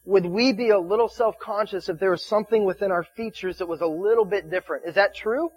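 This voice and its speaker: A man's voice: high voice, fast, darkish tone, slight background noise, low-quality recording. A man preaching a sermon in a loose, conversational way, often restarting his words and checking in with his listeners. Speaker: pastor.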